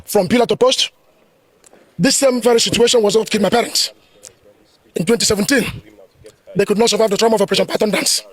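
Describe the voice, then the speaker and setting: Man, husky, emphatic, high-pitched, dry close sound. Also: fairly even intonation, fast, long pauses, a bit bright, no room sound, low-quality recording. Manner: emphatic, declarative. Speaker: supporter speaking to the press. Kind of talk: impassioned statement to reporters.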